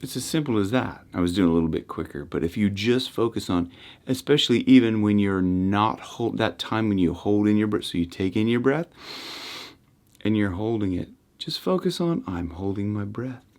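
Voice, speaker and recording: Speaking to camera on his self-help channel, a man offers casual meditation advice at a normal speed. His voice sits on the low side, and he rambles, restarting often and letting his endings trail off softly.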